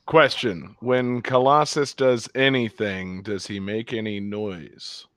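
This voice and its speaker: A man's voice: on the low side, steady tone, slow, fairly bright tone, dry recording, clean studio sound. A young man hosting a podcast, joking around and laughing often in casual chat. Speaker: podcast host.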